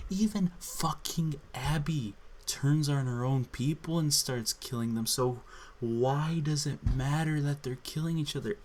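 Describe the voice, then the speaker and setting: Slow, drunken, ranting man. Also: a little high. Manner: angry, profane, exasperated. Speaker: channel host. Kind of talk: drunken solo rant.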